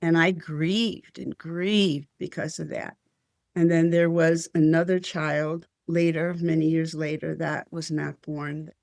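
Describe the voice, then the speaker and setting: A woman's voice: low voice, fairly even intonation, slow, creaky, a little mellow, no echo, studio quality. An older woman telling a personal spiritual story as an interview guest, earnest and heartfelt.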